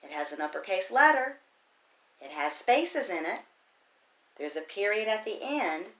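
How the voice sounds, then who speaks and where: A woman teaching a virtual kindergarten phonics lesson, speaking slowly and encouragingly and sounding out words letter by letter. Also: mid-range voice, sing-song, a bit bright. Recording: roomy echo.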